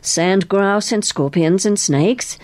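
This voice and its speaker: A woman's voice: mid-range voice, slow pace, darkish tone, voice pushed up, lightly acted. A woman voicing an eager, polite young woman. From fictional African country.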